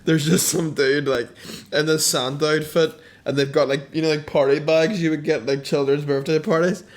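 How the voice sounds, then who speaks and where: A man's voice: fairly high pitch, fairly even intonation, normal speed. A young man telling rambling, sweary stories in a casual comedy podcast chat. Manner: rambling storytelling, swearing, full of fillers. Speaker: podcast co-host.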